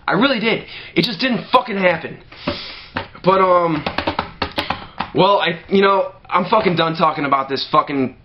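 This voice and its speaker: Fed-up male movie ranter, fairly high voice, swears constantly, stumbles through fillers, dull lo-fi audio. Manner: heavy swearing, many "you know" fillers, restarts. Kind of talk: profane movie rant to camera.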